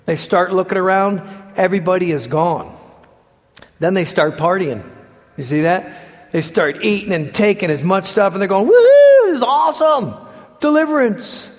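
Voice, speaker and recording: A man preaching a sermon, telling stories with lively acted-out quotes and sudden shouts. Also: high-pitched, normal speed. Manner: animated storytelling, acts out quotes and shouts. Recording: long hall reverb.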